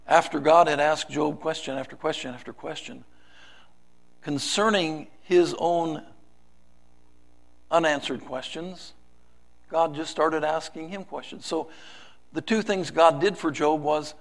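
A man preaching a sermon, reciting a poem with dramatic swings from loud pleading to hushed softness. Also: on the high side, steady tone, measured pace, gravelly, pauses often.

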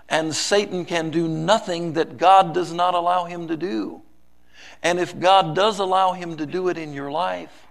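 A man preaching in an unhurried, measured sermon voice with a gravelly edge. His delivery is dramatic, rising to loud pleading and then dropping to hushed softness. His pitch sits a little higher than most men's. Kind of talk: sermon with a recited poem.

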